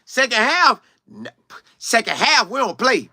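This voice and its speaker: A man's voice: very high-pitched, sing-song, measured pace, bright, forceful tone, no echo. A young man hosting a casual livestream, reading viewer comments and answering them, repeating words for emphasis.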